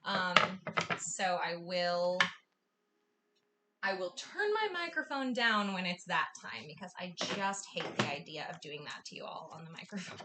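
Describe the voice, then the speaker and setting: A woman's voice: lowish voice, animated, measured pace, heavy background noise. A young woman hosting a live cooking class, chatting with her viewers in an effusive, gushing way. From US Northwest. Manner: bubbly and effusive, gushing often.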